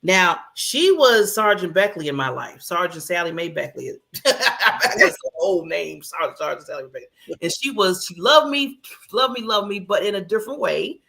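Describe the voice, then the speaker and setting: A woman co-hosting a talk show, swinging her pitch up and down as she tells stories. Her voice has a gravelly, fry-edged texture, and she laughs often in relaxed, casual chat. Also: normal speed. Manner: laughs often, animated storytelling.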